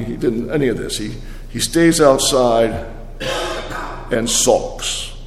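Older man, preacher, sermon, animated storytelling, halting restarts, lively, echoing hall. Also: mid-range voice.

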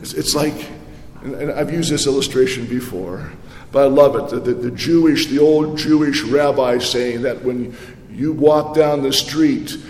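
A man's voice: mid-range voice, unhurried, darkish tone, slight background noise. Man preaching in an echoey hall. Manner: conversational, with repeated restarts and rhetorical questions. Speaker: pastor. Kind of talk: sermon. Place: church. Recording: echoey church hall with long reverb.

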